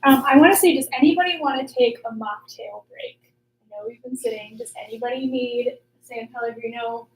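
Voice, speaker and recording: Woman, workshop host, chatty, upbeat, fairly high voice, echoey room, off-mic. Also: fairly quick, recorded from a distance. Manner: chatty, upbeat, many "like" fillers. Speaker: life coach, workshop host. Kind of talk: casual group workshop talk. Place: room with a small group.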